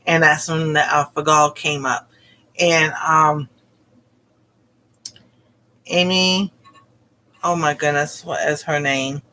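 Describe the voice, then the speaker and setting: A woman cooking vlogger with a low-sitting voice and a sharp tone tells a personal story over a livestream microphone. She rambles casually, with plenty of fillers and exclamations.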